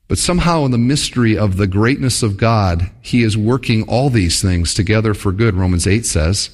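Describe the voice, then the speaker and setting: A man, a church pastor, preaching a sermon to his congregation and asking them questions, his voice climbing as he presses each point. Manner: preaching with rhetorical questions to the congregation, pitch rising for emphasis. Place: church service.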